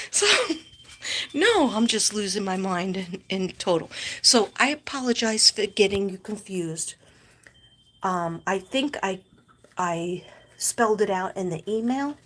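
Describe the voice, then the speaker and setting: A woman's voice: medium pitch, lively intonation, measured pace, fairly bright tone, slight background noise. Rambling woman chatting late at night. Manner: rambling, self-deprecating, laughs often; drops to a whisper at times. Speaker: live-stream host. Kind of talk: casual late-night livestream chat. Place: home at night.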